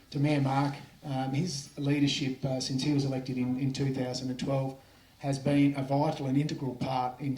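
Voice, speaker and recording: An Australian man gives thanks to officials in a flat, level voice, pausing often with uhs. His speech echoes around the space through a public address system. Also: mid-range voice. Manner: halting, with fillers.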